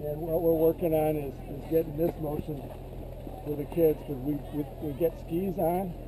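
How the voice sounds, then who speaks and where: A man's voice: on the high side, little pitch movement, moderate pace, noisy background. Man demonstrating ski drills outdoors. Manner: explains while walking through cones. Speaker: ski instructor. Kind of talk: demonstrating drills to fellow instructors.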